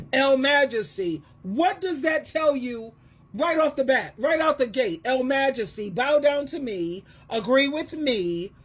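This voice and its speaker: A middle-aged woman who works as an advice coach and Christian counselor delivers an emotional monologue in a high, husky voice. She is emphatic and repetitive, swinging between loud and soft.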